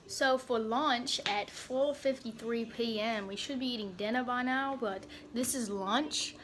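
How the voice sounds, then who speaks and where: A young woman vlogging in a deliberately bad put-on Australian accent, joking and swearing freely. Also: on the high side, background noise. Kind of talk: casual vlog chat.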